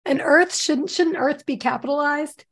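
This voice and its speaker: A woman's voice: high voice, normal speed. A woman co-hosting a casual podcast, chatty and agreeable. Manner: chatty, agreeable, laughs often. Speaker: podcast co-host. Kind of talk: casual chat.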